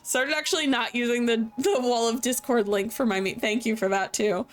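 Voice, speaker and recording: Young woman streamer, sleepy, chatty and joking, slightly high voice, soft music underneath. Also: fairly even intonation, moderate pace, hardly any pauses. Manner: chatty, joking, laughs often, reads chat aloud. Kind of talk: casual live-stream game commentary.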